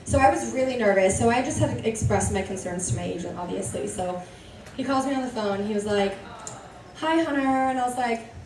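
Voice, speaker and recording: A woman's voice: medium pitch, a little fast. A woman, an actor on a convention panel, telling a story in a playful, giggly way. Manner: playful, giggly, acts out quoted voices. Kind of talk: casual storytelling on stage. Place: large convention hall. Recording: echoey hall from far off, crowd noise.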